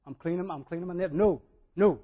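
A man's voice: sits high, brisk, breathy edge, phone-quality sound. A preacher acting out a stubborn male fisherman who flusters and refuses in blunt, casual words. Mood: flustered.

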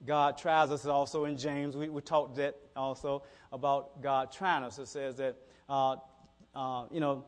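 A man's voice: mid-range voice, little pitch movement, unhurried. Folksy preacher man in a reverberant hall. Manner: folksy storytelling with frequent repeated words. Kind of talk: conversational sermon.

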